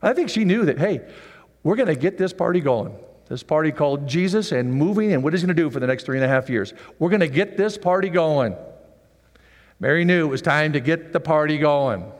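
A man's voice: on the high side, long reverb tail. A man preaching a sermon in a conversational way who acts out the scenes. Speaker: pastor.

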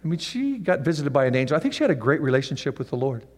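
A man's voice: mid-range voice, big pitch swings, very fast, in a large hall. A man preaching a sermon in a conversational way who acts out the scenes. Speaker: pastor.

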